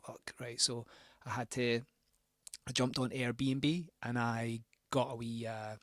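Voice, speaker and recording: A man's voice: mid-range voice, fairly even intonation, takes it slowly, dry recording, studio quality. Rambling man telling a story. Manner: rambling, swearing, self-mocking storyteller. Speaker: radio host spinning records. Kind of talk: casual anecdote between records.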